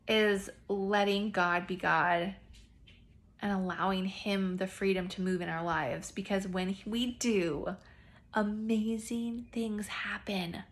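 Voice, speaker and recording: A woman's voice: medium pitch, fairly even intonation, takes it slowly. A woman speaking to her business team in a casual, earnest faith-based encouragement talk, often repeating herself and addressing them as "you guys".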